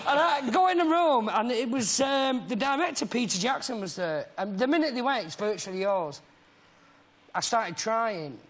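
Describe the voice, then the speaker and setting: A man's voice: extremely high pitch, lively intonation, moderate pace, fairly bright tone. A man guest on a chat show, telling rambling comic anecdotes with acted-out quotes. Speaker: comedian guest. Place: TV studio with live audience.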